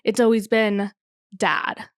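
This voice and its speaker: A young woman co-hosting a podcast, telling stories in a chatty way, full of "like" and quick laughs. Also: mid-range voice, fairly even intonation, no room sound, studio quality. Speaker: podcast co-host, wedding photographer. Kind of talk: casual chat.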